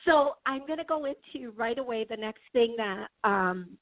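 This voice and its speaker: A woman from the Midwest hosting a call-in radio show as a psychic medium, chatty and quick, with many restarts and laughs. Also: a little high, animated, no room sound, phone-quality sound.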